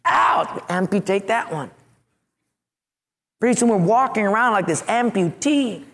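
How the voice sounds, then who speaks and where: A man preaching a storytelling sermon as a pastor, animated, acting out his own yelps and asides. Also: high-pitched, normal speed, long reverb tail.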